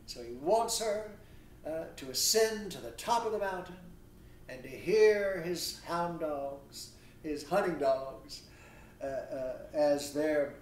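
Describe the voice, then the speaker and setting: A man giving a recorded literature lecture, halting with many pauses and fillers, reading quoted verse with louder emphasis. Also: on the high side. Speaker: literature instructor. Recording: roomy echo, distant mic, faint noise.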